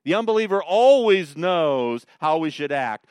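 A middle-aged male pastor preaching a sermon and reading scripture, swinging between hushed repetition and loud, emphatic points. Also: a little high, sing-song, measured pace, hardly any pauses, clear, resonant tone, no room sound, studio quality. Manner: repeats phrases for emphasis.

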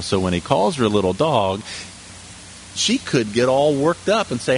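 A man's voice: mid-range voice, sing-song, normal speed, a little hiss or hum. A man preaching a sermon in a conversational manner, with asides and rhetorical questions to the congregation. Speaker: pastor.

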